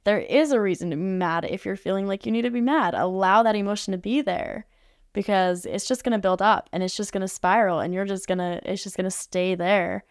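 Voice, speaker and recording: A woman's voice: mid-range voice, a little fast, smooth, no echo, studio quality. A woman guest on a podcast, telling a story casually and chattily, with lots of "like" fillers. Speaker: podcast guest, art facilitator. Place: podcast studio.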